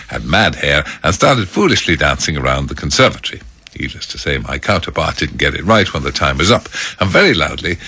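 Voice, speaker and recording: Male breakfast radio host, deep and husky, bright tone, wry self-mocking banter into a studio mic. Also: no echo. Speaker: radio presenter. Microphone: studio microphone.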